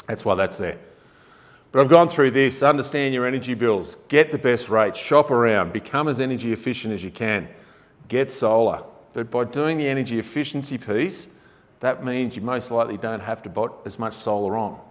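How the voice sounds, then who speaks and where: A man's voice: lowish voice, fairly quick. A man with an Australian accent giving a conversational, emphatic forum talk on home energy, with rhetorical questions. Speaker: energy efficiency presenter. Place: forum venue hall. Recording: reverberant hall.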